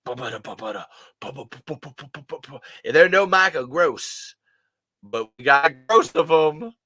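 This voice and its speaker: A vlogger unboxing collectibles, giddy and breathless, gasping and rambling with casual swearing. The pitch swoops all over the place, and the tone is bright and forceful. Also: expressive, unhurried. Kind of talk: excited unboxing vlog.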